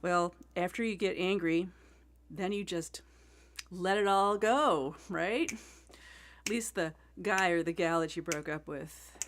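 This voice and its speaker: A woman's voice: on the low side, slow. A middle-aged woman hosting a casual livestream between songs, chatty and rambling, greeting viewers by name and laughing often. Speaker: singer-songwriter host.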